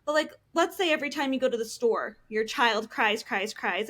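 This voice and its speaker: A licensed professional counselor in her thirties, appearing as a podcast guest, explains things earnestly and says "um" often. Her voice sits a little high and is animated and a bit bright, moving at a moderate pace.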